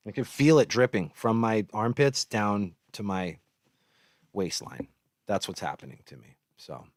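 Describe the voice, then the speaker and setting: A man's voice: lowish voice, no echo, studio quality. A man in his thirties chatting casually on a live stream, swearing freely and rambling. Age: 30s. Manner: profane, blurts out then apologizes rambling.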